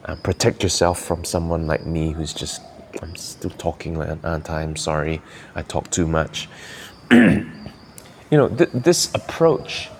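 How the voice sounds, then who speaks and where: Male podcast host, very low voice, gravelly fry, earnest and encouraging, reflective coaching talk. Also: a little mellow, slight background noise. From Malaysia. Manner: earnest and encouraging, thinking aloud.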